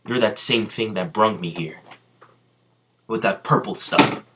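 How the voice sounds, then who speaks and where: A man's voice: fairly low pitch, a little slow, a bit bright, husky. A man voicing an arrogant ancient ninja warlord who speaks bluntly and gives commands and threats, in a fan-made spoken story. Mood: threatening.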